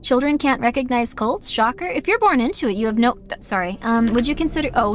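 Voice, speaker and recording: A woman's voice: a little high, lively intonation, brisk, hardly any pauses, background noise. A woman streaming a game live, giggling, apologizing and reading questions aloud before answering them. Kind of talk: live gameplay commentary.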